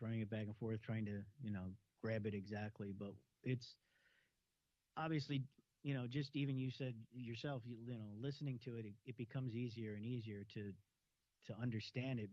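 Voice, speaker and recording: A man with a mellow, mid-pitched voice explains things in an easygoing podcast chat. The recording is dry, dull and muffled. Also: dry recording. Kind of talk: casual talk.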